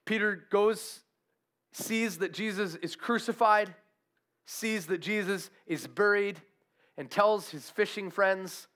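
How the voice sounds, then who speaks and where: A man preaching a sermon, telling a Bible story with animated, acted-out quotes. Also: sits high, slow pace. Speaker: pastor.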